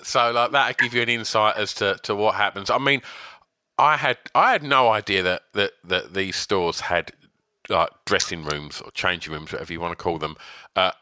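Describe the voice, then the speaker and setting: Man, podcast host, casual chat, swears, animated, bright tone, dry close sound. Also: lowish voice, normal speed, no room sound. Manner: laughs often, swears, animated.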